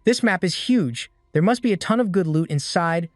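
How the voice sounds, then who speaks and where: A man's voice: high-pitched, animated, moderate pace, dry recording, studio quality, soft background music. A man voicing a hot-tempered young male gamer who keeps cursing, read in a plain recap voice. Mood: frustrated. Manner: frustrated muttering.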